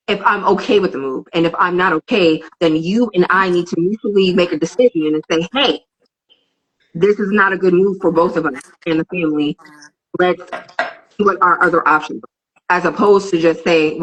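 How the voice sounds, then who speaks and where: A woman's voice: fairly low pitch, fairly bright tone, muffled recording. A woman in a casual podcast debate, earnestly explaining her view through long, step-by-step examples.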